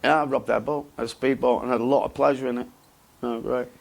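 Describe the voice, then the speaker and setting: A man, talking bluntly and haltingly in a candid interview, often repeating himself. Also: mid-range voice, steady tone, creaky. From England. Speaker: interview guest.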